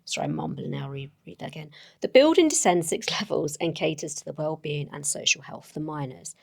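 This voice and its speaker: Low gravelly woman thinking aloud. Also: animated, fairly quick. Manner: hesitant, with many fillers and self-corrections. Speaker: solo tabletop player. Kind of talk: thinking aloud while playing and writing.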